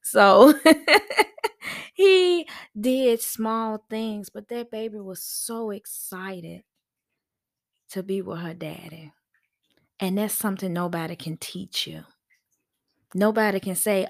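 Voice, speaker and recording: A woman's voice: mid-range voice, slow, gravelly, long pauses. A woman hosting a casual podcast, telling stories animatedly, laughing often and acting out quotes. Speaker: podcast host. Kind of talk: casual storytelling monologue.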